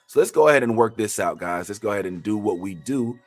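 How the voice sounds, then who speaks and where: A man teaching a tax preparation training class, animated and joking, with sudden preacher-like outbursts. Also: fairly low pitch, fast, no echo, soft background music.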